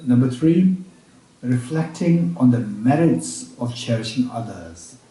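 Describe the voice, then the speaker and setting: At a retreat, a man teaches Buddhist practice, going over each point slowly and repeatedly as though dictating, restarting haltingly and checking in with his listeners. His mid-range voice is mellow, with lively intonation. He sits far from the mic in a roomy space.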